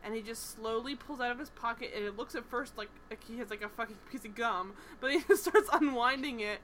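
A woman co-hosting a casual TV recap chat, animated, swearing freely and acting out characters' lines. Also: fairly high pitch, fairly quick, a little hiss or hum, rough recording. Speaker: podcast co-host.

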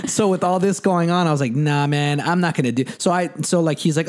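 Young man, rambling slangy storyteller, slightly high voice, casual chat. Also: brisk.

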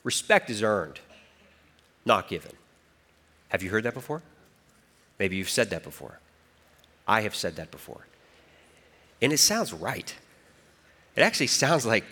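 A man's voice: medium pitch, big pitch swings, unhurried, long pauses, a bit bright. A man preaching a sermon as pastor, storytelling with his voice rising and falling for emphasis.

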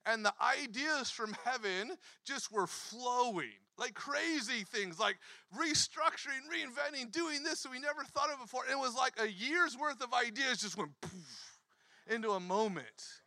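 A pastor in his thirties telling a story in a sermon, animated, acting out quotes and laughing often. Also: very high-pitched, unhurried, dry recording.

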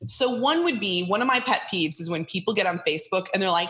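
A middle-aged woman chatting as a podcast guest, lively and playfully acting out the voices of people she quotes. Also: medium pitch, fast, few pauses. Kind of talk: casual interview chat.

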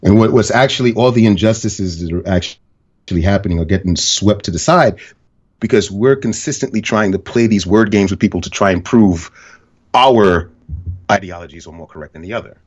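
A man's voice: fairly low pitch, brisk, dull audio. A man hosting a podcast, talking bluntly and profanely in casual conversation. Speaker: podcast host.

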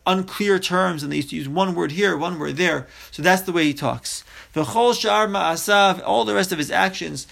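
A man leads a Torah study class, reading a line of Hebrew and then explaining it in English. His voice sits a little high for a man and has a gravelly, fried edge. He talks like a teacher walking through a text one phrase at a time. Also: fairly bright tone.

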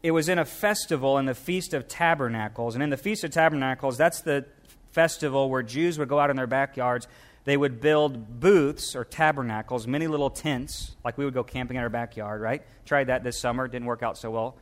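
A middle-aged pastor from Louisiana preaching a sermon, animated, dropping his voice low and soft for quoted scripture. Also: fairly quick.

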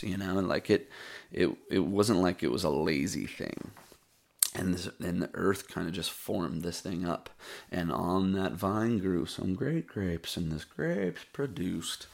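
A man's voice: low-pitched, creaky. A man hosting his own show, telling a rambling, laid-back story in casual chat and breaking down a poem he wrote. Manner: rambling, laid-back storyteller who calls listeners buddy and dude. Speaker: podcast host. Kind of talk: casual storytelling and poetry reading.

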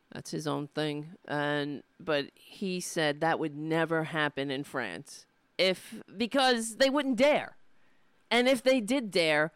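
A woman's voice: mid-range voice, a bit bright, clear, resonant tone, no echo, studio quality. A woman ranting to camera, indignant and rambling, with frequent restarts and swearing. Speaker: political vlogger. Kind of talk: casual ranting monologue to camera. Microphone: camera mic.

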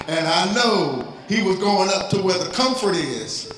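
High-voiced pastor preaching in an echoey church. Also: male voice, lively intonation, measured pace, fairly bright tone. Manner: preaching, rising to cries in prayer. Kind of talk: sermon. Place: church sanctuary. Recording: very echoey church hall, faint noise.

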